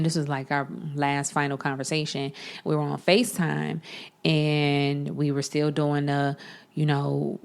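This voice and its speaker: A woman in her thirties from Chicago, a podcast host telling her own story in a candid, animated way and acting out the dialogue. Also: low-pitched, clean tone. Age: 30s. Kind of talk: casual personal storytelling.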